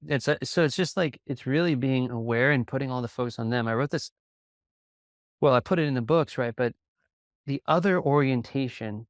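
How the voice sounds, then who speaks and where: A man who coaches in sales, a guest on a podcast, talking calmly and steadily as he tells stories. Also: medium pitch, no room sound, clean studio sound. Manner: calm, even delivery with quick bursts of storytelling. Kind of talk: conversational interview.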